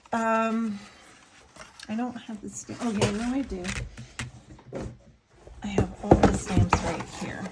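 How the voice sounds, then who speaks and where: Over a noisy background, a mid-range female voice belongs to an artist in her thirties chatting in her vlog. She gushes bubbily and uses lots of fillers while she shows her work.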